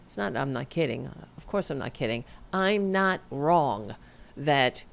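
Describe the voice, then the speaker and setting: A middle-aged woman hosting a casual political livestream, animated and sarcastic, swearing freely. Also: a bass voice, unhurried, gravelly. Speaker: host.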